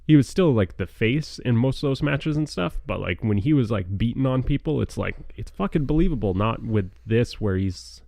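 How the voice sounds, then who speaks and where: A man co-hosting a wrestling podcast, relaxed and agreeable, swearing casually as he chats. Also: medium pitch, moderate pace, vocal fry, few pauses, no room sound, clean studio sound. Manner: laid-back, agreeable, profane. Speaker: podcast co-host.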